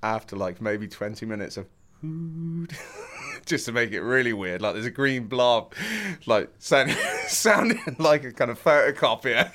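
A man's voice: medium pitch, normal speed, sharp tone. A young man from England, a podcast guest, telling a story in a laid-back way with lots of fillers and frequent laughter. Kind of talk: casual storytelling.

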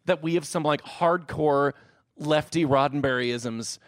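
A man co-hosting a podcast, talking excitedly about films, swearing often and laughing a lot. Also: on the high side, measured pace, dry recording, clean studio sound. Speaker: podcast co-host. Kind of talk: casual podcast chat.

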